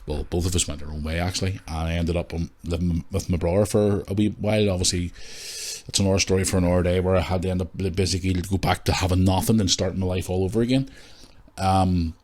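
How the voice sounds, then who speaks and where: A man hosting a casual solo podcast, rambling, candid and quick to swear. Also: deep voice, fairly even intonation, a little mellow. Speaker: podcast host.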